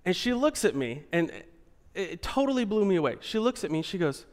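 A man telling a comic personal story to an audience, animated, dropping to a hush and then rising loud again. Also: high voice, a little fast. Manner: animated, swinging from hushed to loud and laughing. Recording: long hall reverb.

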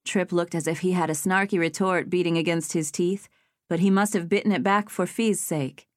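Narrating an audiobook, this woman tells the story in a measured, expressive way. Her pitch is on the low side, captured at studio quality without any room sound.

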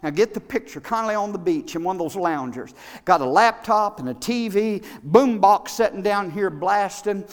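Folksy male preacher with a high voice, storytelling that swells into shouting, in a reverberant church. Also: lively intonation, moderate pace. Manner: builds from quiet storytelling to shouted fervor; folksy, repeats words. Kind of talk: sermon. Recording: long hall reverb.

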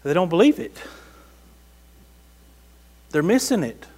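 A man preaching in a high, light voice. He talks to his congregation in a folksy, conversational way, reading a passage and then pressing it home with rhetorical questions. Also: big pitch swings, slow pace, darkish tone, breathy edge. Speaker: pastor. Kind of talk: sermon.

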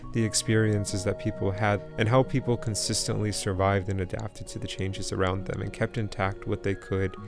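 A young man from the East Bay in California, narrating his people's language history with earnest, measured reflection. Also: on the low side, level tone, vocal fry, over music. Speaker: language teacher.

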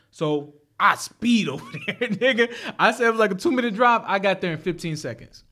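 A young man with a notably high voice tells a story in loose, casual chat. He is animated and profane, drops street slang, stumbles through restarts, and laughs often as he goes. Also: moderate pace, hardly any pauses.

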